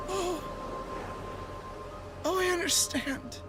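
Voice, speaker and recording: A man's voice: high voice, animated, unhurried, loud music behind the voice. A young man streaming a video game, ranting in exasperation, swearing, and breaking into screams and laughter. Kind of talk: live gameplay commentary.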